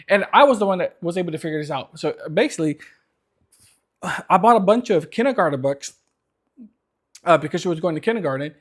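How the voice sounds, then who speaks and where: A man in his thirties talking casually to camera in an upbeat, rambling way with many restarts. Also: sits high. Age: 30s. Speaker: vlogger.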